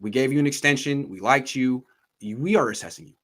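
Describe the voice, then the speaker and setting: A man hosting a casual sports talk show, animated and acting out quotes from others as he tells them. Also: mid-range voice, fairly quick. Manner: animated, acts out quotes in voices. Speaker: podcast host.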